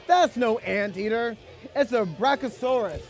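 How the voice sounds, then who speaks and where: Some chatter runs behind a man with a very high voice who reads a picture book aloud to children at an outdoor event, keeping a measured pace. He stays playful and lively, calling out questions to his young listeners.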